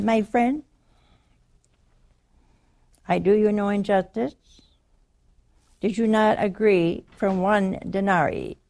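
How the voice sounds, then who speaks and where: Slow, gravelly woman preacher. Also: mid-range voice, dark tone. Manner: teasing, conversational, acts out stories. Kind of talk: sermon.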